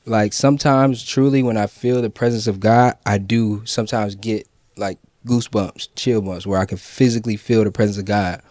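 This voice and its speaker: A man co-hosting a faith podcast, talking in a relaxed, slangy, conversational way. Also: on the low side, moderate pace, few pauses, no room sound, studio quality. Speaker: podcast co-host. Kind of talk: casual chat about prayer.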